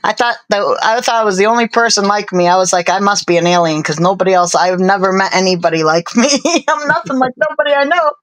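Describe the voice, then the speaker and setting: A woman co-hosting a live stream, chatting casually in a rambling, self-deprecating way with many fillers and pauses. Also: mid-range voice, lively intonation, a bit bright, no echo, low-quality recording.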